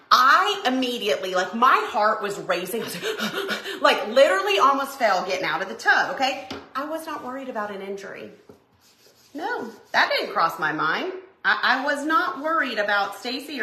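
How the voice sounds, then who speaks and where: A woman hosting a home craft video, chatting and telling a story in an animated, exclaiming way as she works. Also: mid-range voice. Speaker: DIY crafting host. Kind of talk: casual storytelling while crafting. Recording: roomy echo.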